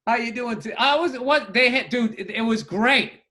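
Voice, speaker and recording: High, bright, animated male podcaster. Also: normal speed. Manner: animated storyteller, swears a lot, acts out voices. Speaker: podcast co-host. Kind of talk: casual chat.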